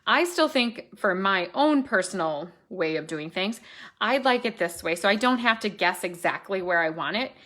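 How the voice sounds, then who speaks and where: A woman's voice: medium pitch, lively intonation, moderate pace, bright, forceful tone. Chatty woman demonstrating crafts. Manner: chatty, thinks aloud and corrects herself. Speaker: stamping demonstrator.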